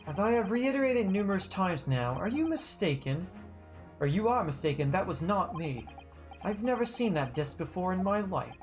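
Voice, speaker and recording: Streamer puttin on a stuffy self-important gentleman, haughty game suspect, stiff and formal. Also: mid-range voice, very animated, moderate pace, faint music behind, voice pushed up, close to an everyday voice. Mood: indignant. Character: pompous haughty middle-aged gentleman suspect. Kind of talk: voicing a text game character.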